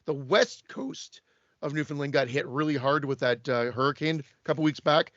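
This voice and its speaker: A Canadian man chatting casually as a podcast co-host, his voice a bit high for a man. He rambles and restarts his sentences often. The sound is dry and a little muffled. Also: moderate pace, a bit bright, dry recording. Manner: rambling, many restarts and stammers. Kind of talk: casual chat.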